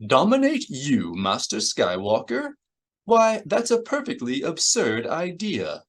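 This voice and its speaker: A man's voice: on the high side, huge pitch swings, takes it slowly, pitched above the performer's own voice, full character voice. A man voicing a fussy, prim male protocol droid in an audiobook, with a prissy, precise, formal way of speaking. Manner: polite, formal, fretful.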